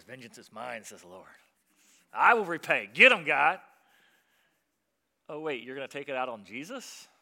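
A man preaching a sermon as pastor, telling stories with lively acted-out voices and swinging between loud emphasis and quiet softness. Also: mid-range voice. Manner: animated storytelling, acting out voices of biblical figures.

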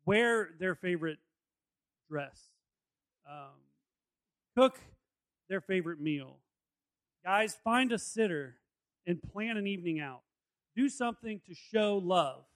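A man who works as a pastor, co-hosting a talk show and giving earnest, measured advice to listeners. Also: high-pitched, lively intonation, a bit bright. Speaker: pastor, co-host. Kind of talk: casual chat, giving advice.

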